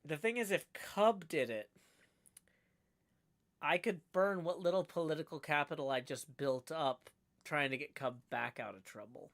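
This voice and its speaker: A man's voice: fairly high pitch, normal speed, a bit bright, dry recording. A man from Nashville, chatting casually on a livestream in a rambling, self-deprecating way. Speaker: streamer.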